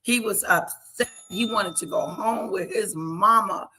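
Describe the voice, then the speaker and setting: A woman in her thirties hosts a casual livestream and talks through everyday stories at an unhurried pace. Her voice is bright and clear, and she tells things in a chatty way. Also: mid-range voice, a little hiss or hum. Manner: slow, chatty storytelling with laughs. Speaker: livestream host.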